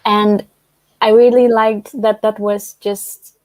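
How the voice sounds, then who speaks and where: A woman's voice: mid-range voice, flat delivery, takes it slowly, a little mellow, no echo. A woman hosting a casual online book club discussion, chatty and giggly, often trailing off with fillers. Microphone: video call.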